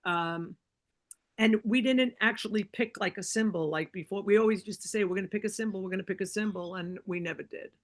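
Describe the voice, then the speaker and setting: Speaking briskly at medium pitch, a middle-aged woman guesting on a podcast recounts something that happened to her in casual talk. She gets animated and plays out the other people, often using fillers and starting over.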